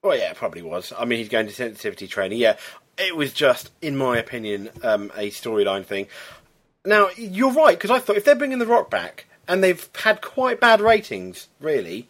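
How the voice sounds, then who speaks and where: A man's voice: mid-range voice, huge pitch swings, moderate pace, a bit bright. A man co-hosting a wrestling podcast, talking in long rambling runs in casual chat. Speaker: podcast co-host.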